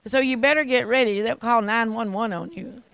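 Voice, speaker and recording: A woman's voice: fairly high pitch, a little fast, clean tone, low-quality recording. An older woman preaching and telling stories, often laughing as she talks. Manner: laughing storyteller, animated. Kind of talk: testimony sermon with anecdotes.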